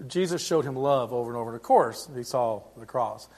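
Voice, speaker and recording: A middle-aged man preaching a sermon as pastor, in a conversational way with frequent restarts and swings in loudness. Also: mid-range voice, fairly quick.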